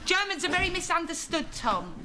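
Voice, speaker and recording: Brash cheeky lady, high voice, noisy sitcom audio. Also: very animated, brisk. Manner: blunt, teasing.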